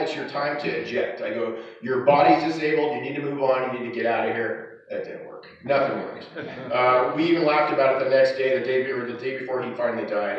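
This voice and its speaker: A man's voice: mid-range voice, dull audio. Man, eulogy for his father, rambling with fillers, distant mic, big echoey hall. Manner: rambling, with many fillers and restarts. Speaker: son giving a eulogy. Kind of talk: informal eulogy with anecdotes. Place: funeral service hall.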